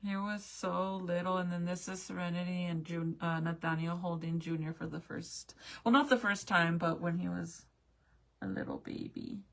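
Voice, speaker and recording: A woman's voice: fairly low pitch, fairly even intonation, moderate pace, gravelly. A young woman chatting casually with viewers as she looks back through old family photos, swearing now and then. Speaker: mom vlogger.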